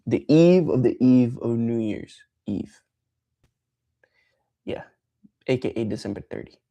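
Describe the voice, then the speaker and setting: Profane, frustrated man with mellow voice. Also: medium pitch, expressive, unhurried, gravelly. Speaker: streamer. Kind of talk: casual livestream rant.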